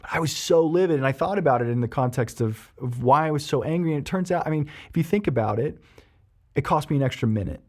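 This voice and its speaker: A man, a therapist, explaining emotions on a podcast and telling a personal story, animated and full of ums and restarts. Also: on the high side, quick pace.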